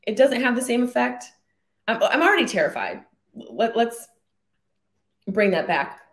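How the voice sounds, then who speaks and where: A woman hosts her own solo podcast, rambling through jokey, casual stories full of swearing. Her slightly high voice swings widely in pitch and moves unhurriedly, recorded in an echoey room.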